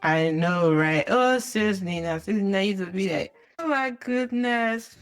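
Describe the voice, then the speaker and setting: A woman calling in to a live stream to share a tearful, heartfelt tribute, speaking in a halting way and holding back tears. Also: on the low side, faint music behind. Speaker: caller sharing a tribute. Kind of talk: emotional phone-in tribute.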